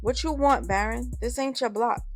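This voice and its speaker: A woman's voice: on the high side, normal speed, faint music behind, lightly acted. A woman voicing a tough young male crew leader who talks in curt, blunt street slang. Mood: confrontational.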